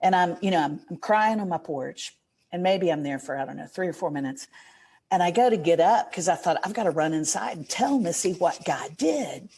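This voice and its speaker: A woman with a low, husky voice tells a heartfelt story as a podcast guest. She speaks in an earnest, gushing way, and she is middle-aged. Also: lively intonation, brisk, darkish tone. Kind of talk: storytelling in a casual interview.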